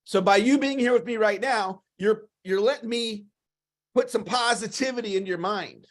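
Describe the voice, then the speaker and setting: A man giving a motivational coaching talk on a livestream, enthusiastic and repetitive, often clearing his throat. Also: high-pitched, moderate pace. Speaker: sales coach.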